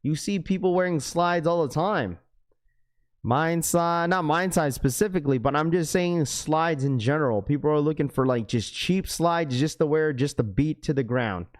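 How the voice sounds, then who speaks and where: A young man with a fairly high voice hosts a live stream, talking at normal speed. He chats casually and ramblingly with viewers, addressing the chat as "bro."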